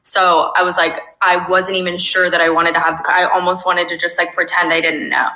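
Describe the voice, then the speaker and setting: A woman's voice: fairly low pitch, level tone, brisk, pushed and bright. Young woman telling a story, echoey room. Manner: emphatic, swearing, checks in with "okay?". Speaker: storyteller in a played clip. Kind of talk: dramatic personal storytelling.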